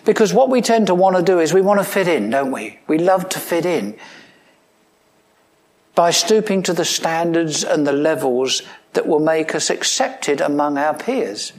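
Speaking expressively at a normal speed, a male pastor delivers a conversational sermon, questioning his audience with flashes of dry humor and abrupt emphasis. His delivery alternates between emphatic rising lines and low, quiet asides.

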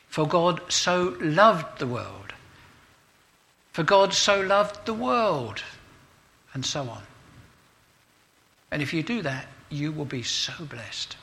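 A man preaching a sermon as pastor, stressing key words with rising emphasis and repeating points, then leading a closing prayer. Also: sharp tone. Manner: emphatic, rises in pitch to stress key phrases; repeats points for emphasis and prays aloud to close. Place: church service.

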